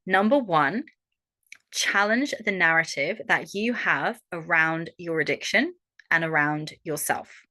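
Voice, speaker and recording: A young Australian woman coaching a workshop audience in a frank, animated way and swearing freely. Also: on the low side, a little slow. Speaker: holistic coach. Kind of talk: online workshop talk.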